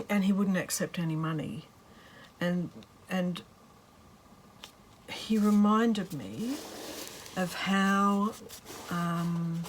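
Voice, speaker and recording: Slow rambly woman chatting over her craft table, lowish voice, hissy recording. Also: low-quality recording. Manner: rambling, chatty, self-interrupting with fillers. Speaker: craft vlogger. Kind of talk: casual chat while crafting.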